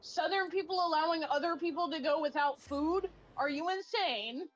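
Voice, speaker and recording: A woman's voice: very high-pitched, moderate pace, faint music behind, poor audio. A woman chatting bluntly and swearing freely while streaming a game. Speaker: co-streamer playing an online game. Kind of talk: casual game stream chat.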